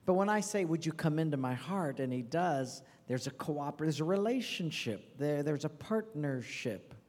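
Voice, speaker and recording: Man, pastor, husky voice, slightly high, hall echo. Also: lively intonation, moderate pace, a little mellow. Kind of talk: sermon. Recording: reverberant hall.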